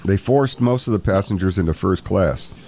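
A man reading the part of a frightened male airline passenger who speaks in a hushed, urgent voice. His tone sits somewhat above the reader's usual deep register. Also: normal speed, slight background noise.

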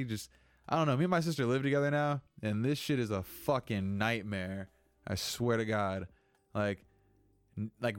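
Young man, podcast host, casual rant, swears a lot, smooth clear voice, dry close sound. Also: mid-range voice, dry recording. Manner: profane, rambling, venting.

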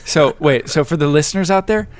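A man co-hosting a podcast in casual chat, excitable and slangy with plenty of swearing. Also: a little high, fairly quick. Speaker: podcast co-host.

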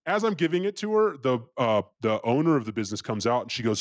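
Speaking fast with few pauses, this young man from California spins a casual story as a podcast guest, his medium-pitched voice captured with no room sound. He's profane and lively, performing the voices of whoever he quotes.

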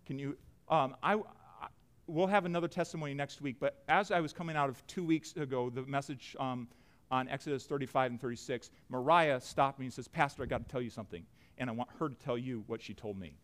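A man preaching a sermon as pastor to his church, emphatic, with loud rises and soft drops. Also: mid-range voice, brisk. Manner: emphatic preaching, rising and dropping in loudness. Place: church sanctuary.

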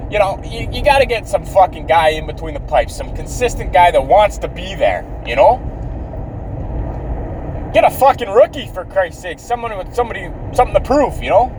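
A man's voice: high-pitched, animated, normal speed, distant mic, noisy background. A man in his thirties from Canada ranting outdoors in a bitter, profane way, swearing constantly.

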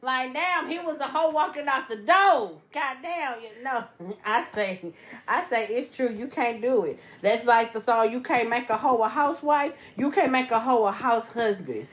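A woman co-hosting a podcast in casual chat, laughing often and talking in an animated way. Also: on the high side, moderate pace. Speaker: podcast co-host.

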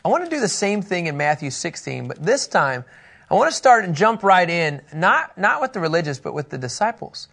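A man with a high voice teaches a Bible lesson in a room. He is animated and joking, acts out little scenes and talks with the people there. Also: a little fast, vocal fry.

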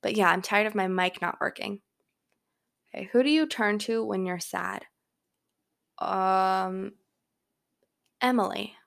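A young adult woman records a casual solo podcast in her bedroom with a home microphone. She speaks slowly with long pauses, her medium-pitched voice gravelly and a bit bright, rambling on with filler words.

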